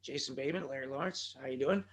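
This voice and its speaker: A man hosting his own podcast, rambling off on tangents with sudden loud outbursts, his throat bothering him today. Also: mid-range voice, quick pace. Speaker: podcast host. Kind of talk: rambling solo podcast talk.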